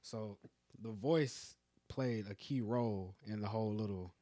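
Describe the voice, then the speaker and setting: A man's voice: on the low side, measured pace, mellow, no room sound. Laid-back man telling a story, dry sound. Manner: laid-back, profane, trailing off with "you know what I'm saying". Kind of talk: casual chat.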